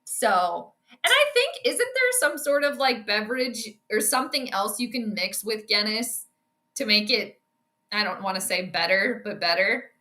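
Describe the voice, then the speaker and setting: A woman's voice: medium pitch, animated, measured pace. A young woman giving casual live commentary on a football game, chatting with her viewers and reacting to each play. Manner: chatty, reacts loudly to plays, talks to viewers. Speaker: astrology sports streamer.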